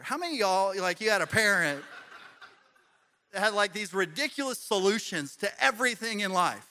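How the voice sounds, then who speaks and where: A pastor preaches in a bright, fairly high voice, chatty and animated, mixing jokes into the sermon. Reaching the main point, he settles into a quieter, measured tone.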